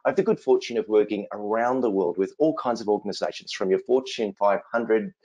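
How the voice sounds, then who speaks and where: A man's voice: fairly low pitch, brisk, a little mellow, dull audio. A man with an Australian accent presents a webinar in an upbeat, joking way. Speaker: webinar presenter, innovation consultant. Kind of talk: presentation with jokes.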